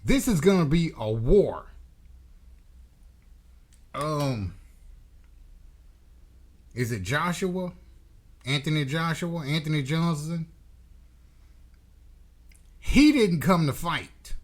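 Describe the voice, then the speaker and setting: A man's voice: fairly high pitch, expressive, slow pace, long pauses. A man hosting a boxing commentary channel, delivering a blunt, profane, emphatic opinion rant.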